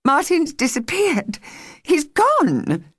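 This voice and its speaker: A desperate young girl cries out in a high, straining voice, on the edge of tears, as a woman reader puts her on. The sound is dry and close, read slowly from a storybook. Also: wildly swooping pitch, fairly bright tone, no room sound, heavily acted. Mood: frantic. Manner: high, frantic wailing. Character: distraught young girl, frantic and tearful.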